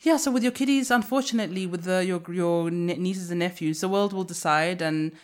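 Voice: medium pitch, a little fast, clean tone. A podcast co-host in reflective casual conversation, thinking aloud with many restarts and trailing clauses.

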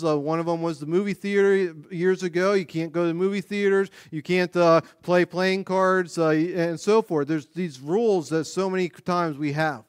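Animated high-voiced male pastor preaching. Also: moderate pace, few pauses, clean tone, dry recording, studio quality. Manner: animated, conversational preaching with frequent restarts. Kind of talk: sermon.

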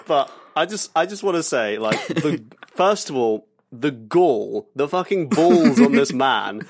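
A man's voice: on the high side, animated, slow, slightly rough. A man co-hosting a podcast, telling a story in casual chat and laughing often as he goes. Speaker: podcast co-host.

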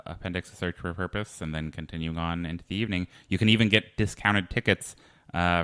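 A man hosting a comedy podcast, interviewing a guest in a halting, awkward way with many restarts. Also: low voice, sharp tone, clear, resonant tone, dry recording, clean studio sound. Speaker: podcast host.

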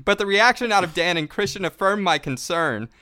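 A man's voice: high-pitched, animated, a little fast, crowd noise. A man hosting a podcast, reading out listener mail in a mock-dramatic way.

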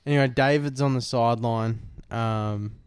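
A man's voice: mid-range voice, fairly even intonation, moderate pace, clean tone, dry recording, clean studio sound. A young Australian man co-hosting a podcast, telling a rambling, sweary story in casual chat. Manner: rambling, swears often, acts out quotes. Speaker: podcast co-host. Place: lounge room.

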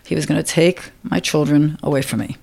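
A middle-aged woman telling a personal story in a halting, emotional way, often repeating herself. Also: low voice, steady tone, gravelly, darkish tone, slightly rough. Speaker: interviewee. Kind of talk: personal testimony.

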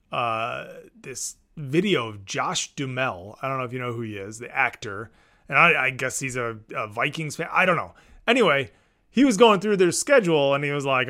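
A man's voice: a little high, bright, forceful tone. A man co-hosting a podcast, bantering and teasing about football. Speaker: podcast co-host. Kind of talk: casual sports chat.

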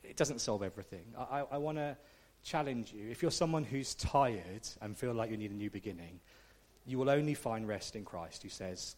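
A man's voice: medium pitch, lively intonation, a little fast, darkish tone. A man preaching a conversational, self-deprecating sermon, often checking in with the congregation. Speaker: pastor.

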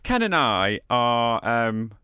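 A man co-hosting a casual chat, telling a story with lively acted-out voices. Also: mid-range voice, slow, clean tone, no echo, studio quality. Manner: animated storytelling, acts out voices of others. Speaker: co-host.

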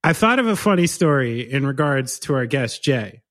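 A man co-hosting a podcast, chatting casually and telling stories in an animated, joking way. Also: mid-range voice, moderate pace. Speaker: podcast co-host. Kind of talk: casual chat.

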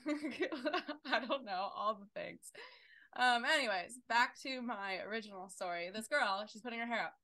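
Young female podcast co-host: bright voice, animated, swears freely, dry close mic. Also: a little high, moderate pace, no echo. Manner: animated storytelling, swears freely, loud outbursts. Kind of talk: casual chat.

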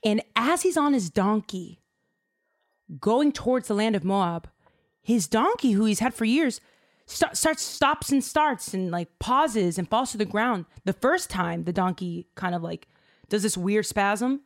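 A woman retelling a story in loose, casual slang and piling on fillers like "like" and "um." She is animated and keeps her listeners hooked. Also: mid-range voice, a little slow.

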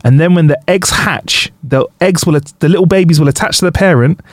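A man's voice: on the high side, fairly quick, no echo, studio quality. A young man co-hosting a casual podcast, explaining facts with frequent laughter. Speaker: podcast co-host.

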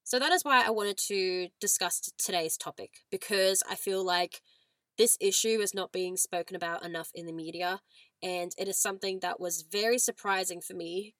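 An Australian woman, likely in her twenties or thirties, hosts a casual podcast in a mid-range, fairly bright voice, chatting earnestly and slipping into ranting. A cold makes her sound nasal, and the recording is dry and close with no room echo.

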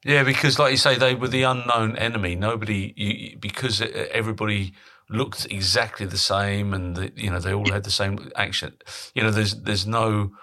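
Deep, bright-toned man hosting a chat. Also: steady tone, moderate pace. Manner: chatty, with frequent restarts. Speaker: podcast host. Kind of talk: casual interview chat.

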